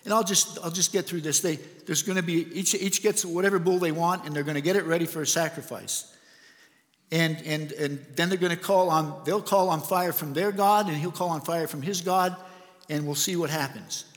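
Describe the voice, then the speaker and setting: A man's voice: on the high side, steady tone, moderate pace. A man preaching a sermon, retelling a Bible story with earnest emphasis and frequent stammered restarts. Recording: long reverb of a large hall.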